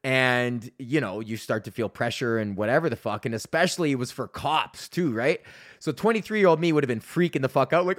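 A man in his thirties tells comedy-road stories on his podcast, rambling and swearing freely and laughing at his own jokes. His voice sits at an ordinary middle pitch. It is recorded close and very dry, with no room sound. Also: a little fast, no echo. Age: 30s. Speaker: podcast host and stand-up comedian. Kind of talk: casual storytelling monologue.

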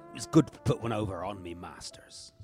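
Put-on cockney accent, a man doing a cheeky boastful agent, lively swooping speech, slangy and chirpy. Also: sits low, a little fast, over music, voice pushed down. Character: cheeky Cockney football manager posing as secret agent.

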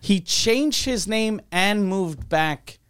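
A man from Quebec, co-hosting a casual podcast, who tells animated stories and swears freely. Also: sits high, slow pace, clean tone. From Quebec, Canada. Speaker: podcast co-host.

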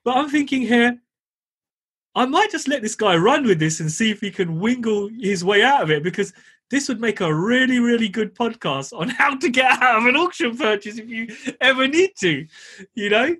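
A man's voice: very high voice, very animated, moderate pace, fairly bright tone, breathy edge. A man co-hosting a podcast, telling stories in a chatty, laughing way. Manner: chatty, storytelling, laughs while talking. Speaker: podcast co-host. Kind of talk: casual podcast chat.

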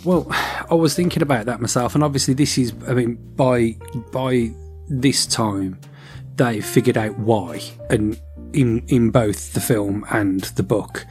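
A man co-hosting a podcast, chatting casually and rambling, with quick switches as he acts out lines from a story. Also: medium pitch, darkish tone, soft background music. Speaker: podcast co-host. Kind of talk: casual chat.

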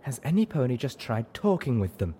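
A man voicing a gentle, idealistic female unicorn pony medic who speaks earnestly and pleads. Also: high voice, sing-song, moderate pace, slight background noise, pitched above the performer's own voice. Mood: pleading.

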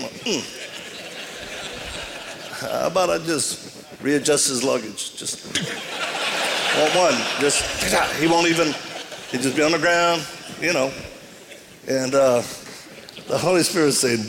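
A man's voice: fairly high pitch, moderate pace, vocal fry, pauses often, big-room sound, background noise. A man with a Cajun accent preaching to a live audience, telling a story with humor and self-deprecating asides.

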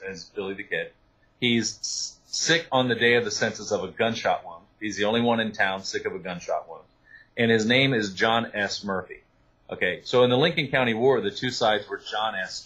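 A man, an author, talking through his research in an animated interview, with many restarts and asides. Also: fairly low pitch, normal speed, slightly rough, rough recording. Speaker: author and guest. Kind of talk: interview conversation.

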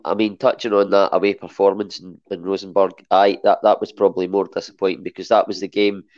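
A man's voice: low-pitched, little pitch movement, quick pace, a little mellow, lo-fi sound. A Scottish man chatting as a podcast guest, hesitant and full of restarts. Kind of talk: casual chat.

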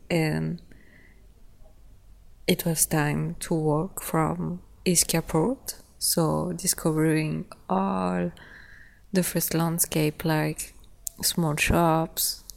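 A young woman hosting a podcast, casually recounting a trip in a relaxed, chatty way, often laughing between phrases. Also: on the low side, creaky. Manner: loose, simple phrasing with frequent "like" and "yeah". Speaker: podcast host. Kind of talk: casual travel storytelling.

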